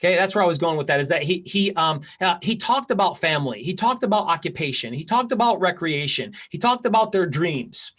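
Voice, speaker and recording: Energetic male real estate coach. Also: high-pitched, brisk, few pauses. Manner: energetic, animated, with many restarts. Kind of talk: live class instruction.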